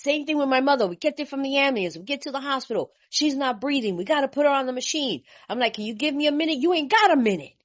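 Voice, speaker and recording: A woman from California sharing her story at a recovery meeting, blunt, animated and laughing, with streetwise talk. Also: high-pitched, fast talker, few pauses. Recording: dull lo-fi recording.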